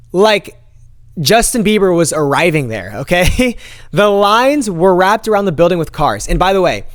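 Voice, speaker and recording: A young man vlogging, telling a story to his viewers in an animated way and acting out the lines of the people in it. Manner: expressive, acts out quotes with big pitch jumps.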